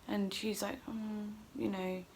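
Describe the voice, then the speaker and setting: Middle-aged woman vlogger, fairly high voice, casual and emotional, retells events by acting out what was said. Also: moderate pace, a bit bright, slight background noise. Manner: emotional, rambling, acts out her own quotes. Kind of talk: casual storytelling vlog.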